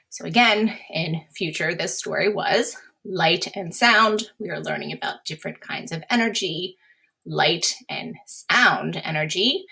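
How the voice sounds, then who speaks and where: Her fairly low voice is gravelly, slightly rough, bright, and forceful as this special education teacher reads a simple science lesson aloud. She patiently repeats key words and at times whispers examples, recording in a classroom or at home for a remote lesson.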